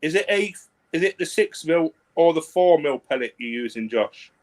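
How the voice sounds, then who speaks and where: A man's voice: fairly high pitch, animated, normal speed, darkish tone. A man taking part as a guest in a casual live stream chat, answering questions in a plain, matter-of-fact way.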